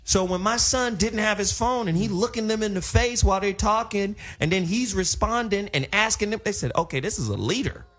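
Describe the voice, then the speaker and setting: A man's voice: high-pitched, a little fast, few pauses, a bit bright. A middle-aged man hosting a casual panel chat, lecturing with emphasis and laughing at his own points. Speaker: host.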